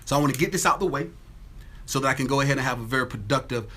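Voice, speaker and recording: A man's voice: mid-range voice, very fast, a bit bright. A man from Atlanta, hosting a casual livestream from his home on a phone, greeting viewers by name and repeating his catchphrases. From Atlanta, Georgia. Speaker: livestream host. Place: home with windows open.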